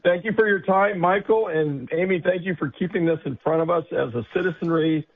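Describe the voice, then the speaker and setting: A man's voice: a little high, fairly quick. A man calling in to a radio show, agreeable and encouraging, speaking of his church. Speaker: caller. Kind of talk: call-in radio talk. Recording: tinny phone line.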